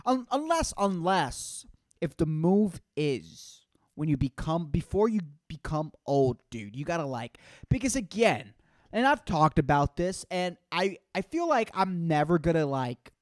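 A man's voice: fairly high pitch, big pitch swings, measured pace, dry recording. A man in his twenties ranting alone on his podcast, rambling and swearing with lots of slang. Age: 20s. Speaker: podcast host. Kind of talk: casual solo podcast rant.

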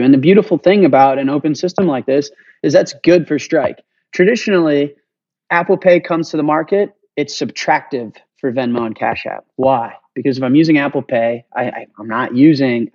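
A man speaks with fast-flowing passion as a podcast guest, casually dropping swear words. The recording is dry and dull, with a slightly lo-fi muffled tone. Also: medium pitch, darkish tone, no echo. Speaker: guest, payments company founder. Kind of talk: energetic podcast interview.

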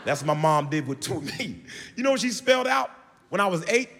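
A man doing an animated stand-up comedy routine with playful crowd work, loud and lively, recorded live on stage. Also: high voice, a little fast, slight background noise. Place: live show venue with audience. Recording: live stage mic, hall echo, crowd laughter.

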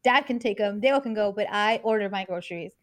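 A middle-aged woman co-hosting a parenting podcast, telling animated stories about her kids in casual chat. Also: medium pitch. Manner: quick, animated storytelling. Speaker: podcast co-host.

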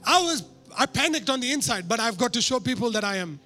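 A man preaching a sermon through a personal story, animated and poking fun at himself. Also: very high-pitched, quick pace, soft background music. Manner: animated, self-mocking humor.

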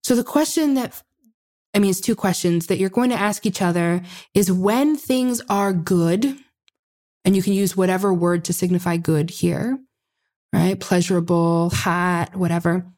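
A woman's voice: on the low side, a little slow, darkish tone. A woman giving relationship advice in a casual conversation, explaining step by step and often checking in with "right?".

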